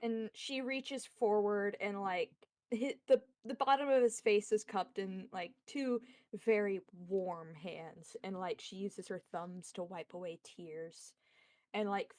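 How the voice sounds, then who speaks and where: A woman narrating as game master of a tabletop game, describing scenes in an unhurried way with many fillers. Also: medium pitch, fairly even intonation, a little mellow.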